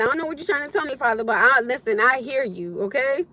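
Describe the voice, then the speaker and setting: A woman's voice: high-pitched, sing-song, fast, a bit bright, a little hiss or hum. A woman hosting a casual livestream from her phone, reading scripture and thanking viewers, exclaiming and laughing often. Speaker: livestream host.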